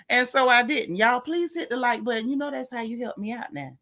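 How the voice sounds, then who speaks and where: A woman chats live with her viewers, her voice clear and bright. She speaks frankly and with feeling about faith, breaking off to greet people by name. The delivery stays casual and conversational throughout. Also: on the high side, expressive, brisk. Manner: chatty, greets viewers by name between thoughts; frank, heartfelt, faith-filled talk. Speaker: livestream host. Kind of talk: casual livestream chat.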